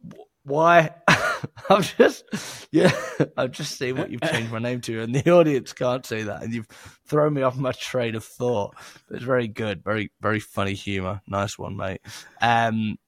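A man's voice: medium pitch, a little slow, a bit bright, dry recording, clean studio sound. A man co-hosting a podcast, talking casually, laughing often and acting out quoted voices. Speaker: podcast co-host. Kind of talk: casual sales podcast chat.

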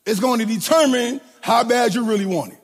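A middle-aged man preaches with a strikingly high voice, his lines rising and falling in a sing-song cadence. He stumbles and repeats words as he goes. His voice rings out with a long reverb, as in a large hall. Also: a little fast. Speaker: preacher and track coach. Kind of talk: sermon.

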